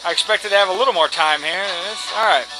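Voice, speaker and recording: A man's voice: sits high, fast, sharp tone, poor audio. A man giving casual, cocky, joking commentary while playing a video game, swearing freely. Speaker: let's play commentator. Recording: game music behind.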